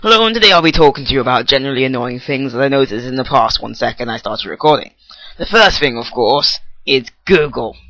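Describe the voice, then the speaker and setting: A teenage boy vlogging while he tests a new microphone launches into an improvised comic rant, his mid-range voice animated, fast and sharp. He's goofy and rambling, often cutting himself off, and the recording has no echo.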